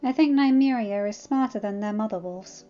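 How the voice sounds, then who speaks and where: A woman voicing a chatty young baker with folksy, rough grammar. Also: mid-range voice, normal speed, mellow, natural voice. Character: plain-spoken baker boy, chatty. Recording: dull lo-fi with faint music.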